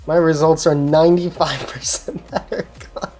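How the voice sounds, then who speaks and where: A woman with a deep, low-pitched voice chatters through a casual vlog, nervous and excitable, laughing and swearing as she goes. She is recorded on a small action camera with faint music playing underneath. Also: moderate pace. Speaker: speedcubing channel host. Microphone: GoPro camera.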